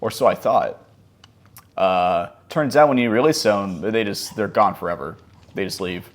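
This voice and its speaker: A man's voice: lowish voice, moderate pace. A man around thirty chatting casually over his gameplay, rambling and self-mocking, dropping to mumbles and jumping to yelps. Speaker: gaming vlogger.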